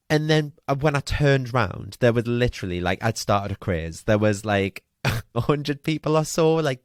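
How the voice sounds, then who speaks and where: Guy rambling through a story on his podcast, kinda low voice, lots of likes and ums, super dry mic. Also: no echo. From Newcastle, UK. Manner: chatty, animated, lots of fillers and swearing. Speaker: podcast host. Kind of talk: casual storytelling monologue.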